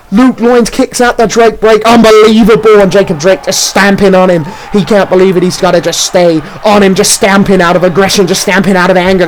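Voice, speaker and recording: A man calling a wrestling match play by play, shouting out near-falls and big moves. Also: sits high, noisy background. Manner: rapid move-by-move calls, shouting near-falls. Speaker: play-by-play commentator. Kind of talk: excited wrestling commentary.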